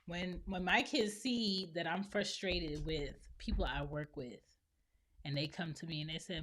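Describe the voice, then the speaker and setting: Low-ish yet fairly bright, her voice is unhurried. She's a mother around forty hosting a podcast, offering blunt opinions on her own and performing other people's lines.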